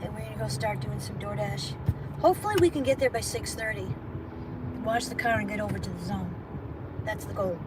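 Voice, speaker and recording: A woman's voice: mid-range voice, a little fast. A woman gig driver chatting casually with her live viewers while she drives, rambling from one thought to the next. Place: in a car on the road. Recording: distant phone mic with loud road noise.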